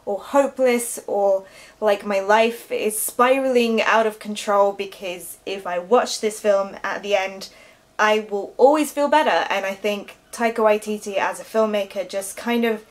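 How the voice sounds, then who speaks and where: A woman's voice: mid-range voice, unhurried. A woman hosting a film review vlog, gushing and enthusiastic as she talks.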